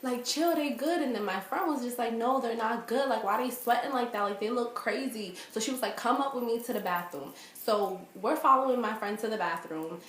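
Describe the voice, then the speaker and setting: A young woman telling a storytime vlog in a casual, animated way, full of fillers and acted-out quotes. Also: fairly high pitch, brisk, few pauses, echoey room. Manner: animated, lots of fillers, acts out quoted voices. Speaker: vlogger.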